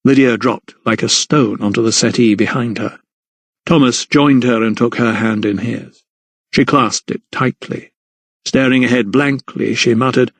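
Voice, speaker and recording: A man narrating an audiobook in a steady, measured reading. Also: mid-range voice, no room sound. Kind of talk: scripted narration.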